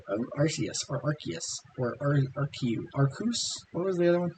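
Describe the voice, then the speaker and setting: A hoarse man casually reading fan fiction aloud and commenting, rambling and swearing freely. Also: medium pitch, fast talker, few pauses, a little mellow, a little hiss or hum, low-quality recording.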